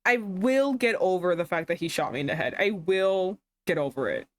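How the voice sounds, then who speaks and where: A woman's voice: fairly low pitch, expressive, normal speed, dry recording. A woman streamer reading a romance game aloud and breaking off into sarcastic, swearing asides.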